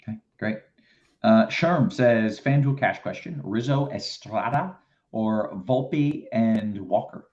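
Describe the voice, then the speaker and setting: A man's voice: fairly low pitch, lively intonation, slow pace, darkish tone. A man hosting a casual live stream, reading viewer questions aloud to his guests. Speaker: host. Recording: dull lo-fi stream audio.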